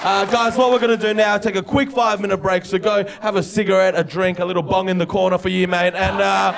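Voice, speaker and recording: Brief: male club MC with a high voice, rowdy intros over crowd noise. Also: flat delivery, fast, vocal fry, hardly any pauses. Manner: rowdy, sweary, shouts intros. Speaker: comedy show MC. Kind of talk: loud stand-up emceeing. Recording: live club with music and crowd.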